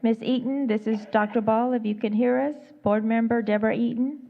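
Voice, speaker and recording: A woman's voice: a little high, steady tone, fairly quick, vocal fry. A woman running a school board meeting, polite and patient, repeatedly checking whether a remote member can hear her. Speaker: meeting official calling roll. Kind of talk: formal meeting procedure. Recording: tinny phone-like audio.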